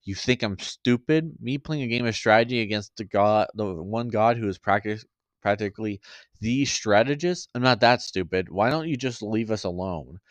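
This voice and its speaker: A man reading a blunt, protective young man in his own lowish voice. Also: moderate pace, no room sound, natural voice. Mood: stern. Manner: blunt, stern.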